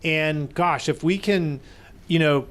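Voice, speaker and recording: A man's voice: fairly high pitch, slow. Earnest man co-hosting a live podcast. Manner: earnest, retells stories with quoted voices. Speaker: podcast co-host.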